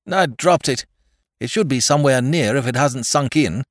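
A man's voice: mid-range voice, normal speed, no echo, studio quality, pitched above the performer's own voice, natural voice. A man voicing an aristocratic young man stuck in a bog, breathless and making upper-class small talk. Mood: strained.

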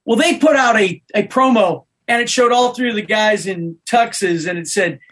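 A man, a podcast guest, telling an animated story in casual chat. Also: high-pitched, moderate pace.

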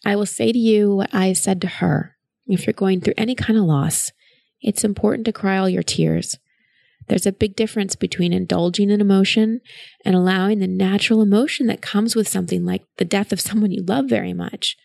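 A woman hosting a show and coaching a caller through grief in a soft, soothing, nurturing way. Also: medium pitch, steady tone, a little fast, creaky, no room sound. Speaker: host giving advice to a caller. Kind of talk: gentle coaching on a call.

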